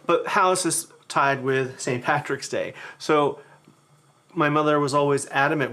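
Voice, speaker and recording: Bright-voiced chatty man hosting a cooking stream. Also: a little high, normal speed. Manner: chatty storyteller who talks to the chat. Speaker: cooking show host. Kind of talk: live-streamed cooking demo.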